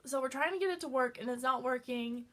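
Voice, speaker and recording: A woman with a high voice telling a story to her viewers in a loose, casual way. She is excitable and scattered, dropping "like" everywhere as she talks. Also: fast. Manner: excitable, fills talk with "like". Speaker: vlogger.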